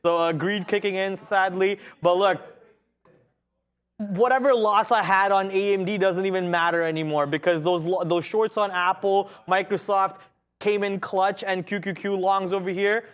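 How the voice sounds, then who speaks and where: A man's voice: high voice, steady tone, normal speed, fairly bright tone, clean tone. A young man co-hosting a live trading stream, chatty, joking and a bit boastful about his wins. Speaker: co-host trader.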